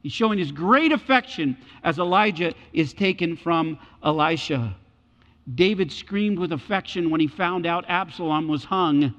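Male preacher, theatrical delivery, lively swooping pitch, dull lo-fi hall recording. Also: normal speed. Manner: dramatic, acts out biblical voices. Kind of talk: sermon. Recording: echoey hall, dull lo-fi sound.

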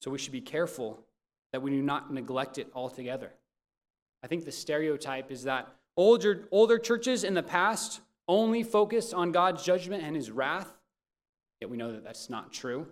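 A man preaching a sermon as pastor, earnest and measured, putting questions to the congregation. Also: a little high, expressive.

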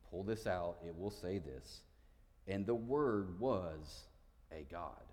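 A man's voice: deep voice, darkish tone, in a large hall. A man preaching a sermon, teaching with emphatic stresses and playful asides.

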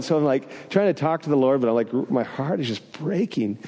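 A man's voice: mid-range voice, expressive, a little fast, few pauses, mellow, big-room sound. A man preaching a sermon, telling a personal story with self-deprecating humor.

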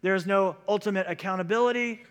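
A man's voice: high voice, quick pace, a bit bright, clear, resonant tone. A man preaching a sermon as pastor, in a conversational style that moves into quoted voices. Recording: long hall reverb.

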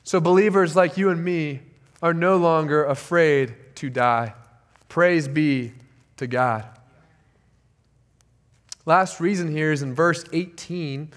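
A male pastor with a noticeably high voice delivers a sermon. He speaks earnestly and with emphasis, leaning on repeated phrases to drive each point home. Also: slow, long pauses.

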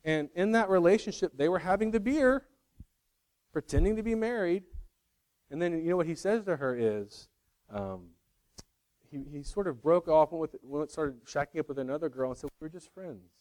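A man's voice: fairly high pitch, expressive, normal speed, a little mellow. A middle-aged man giving a sermon, conversational with self-deprecating humor and acted-out quotes. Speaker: pastor.

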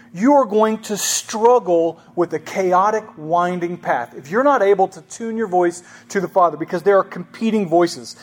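High-voiced and conversational, this man preaches as a pastor, keeping the sermon chatty and posing questions to the room.

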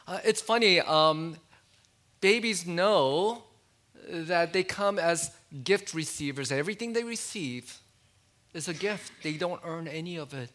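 A pastor preaches a sermon a little slowly and conversationally, asking his listeners questions. On key words he drops his voice low and quiet.

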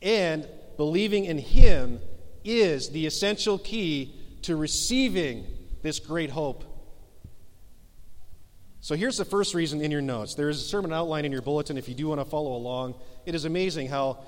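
A man's voice: fairly high pitch, expressive. Man, pastor, earnest emphatic sermon, church hall reverb. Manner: earnest, emphatic preaching with slowed stressed phrases. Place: church sanctuary.

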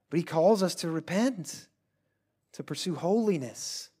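A male pastor preaching a sermon earnestly, swelling loud at times and dropping to hushed pleas. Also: a little high, lively intonation, measured pace, slightly rough.

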